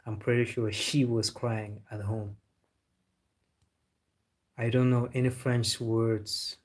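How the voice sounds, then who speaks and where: A man's voice: medium pitch, little pitch movement, slow pace. A man from Senegal hosting a football live stream. He chats casually, answers viewer comments, jokes and says "bro" a lot. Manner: laid-back, joking, says "bro" often.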